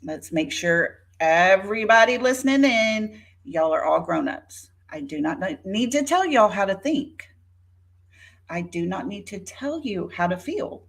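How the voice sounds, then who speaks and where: This fifty-something YouTuber has a mid-range voice and speaks in an animated yet unhurried way. She delivers an indignant, sarcastic rebuttal to her viewers, speaking straight to a rival by name.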